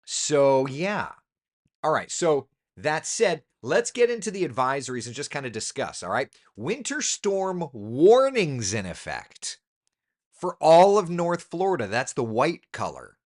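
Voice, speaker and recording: A TV weatherman talks through the forecast in an easy, chatty way. His pitch swings widely, rising keenly and then dropping low for muttered asides. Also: a little slow. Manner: relaxed, chatty, thinking aloud with ums and asides. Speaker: TV meteorologist. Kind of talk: casual weather chat.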